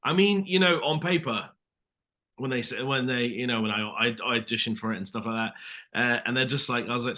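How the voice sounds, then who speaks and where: A man's voice: medium pitch, fast talker, bright, forceful tone. A British man in his thirties, an actor telling rambling stories in a casual interview, full of restarts and calling the host mate. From Britain. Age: 30s. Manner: rambling storyteller, many restarts, says mate. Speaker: actor guest.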